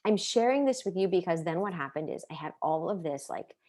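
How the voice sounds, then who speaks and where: Earnest woman parenting coach, lowish voice. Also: lively intonation, fairly quick, a little mellow. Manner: earnest, asks many questions, shares personal stories. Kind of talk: online class talk.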